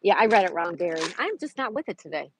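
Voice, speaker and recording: In quick, sing-song speech, a Florida woman chats with her livestream viewers from an outdoor park, welcoming them by name and reading trivia questions. Her medium-pitched voice is creaky and slightly rough, with no echo.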